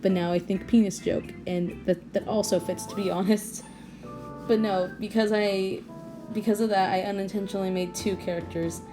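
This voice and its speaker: A woman's voice: mid-range voice, fairly even intonation, normal speed, music in the background. A young woman rambling casually at home about her own character drawing, restarting sentences and laughing often. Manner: rambling, self-interrupting, giggly. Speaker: artist vlogger. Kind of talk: casual late-night rambling.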